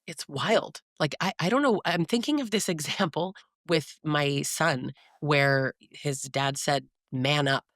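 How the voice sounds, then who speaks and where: A woman hosting a podcast, telling stories in an animated, incredulous way, close to the mic. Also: low-pitched, takes it slowly, dry recording. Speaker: podcast host. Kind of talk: casual conversational podcast.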